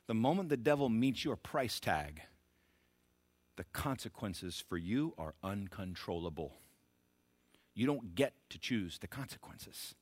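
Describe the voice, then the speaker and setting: A man preaching a sermon as pastor, emphatic and repetitive, rising to shouted bursts. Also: fairly low pitch, no room sound.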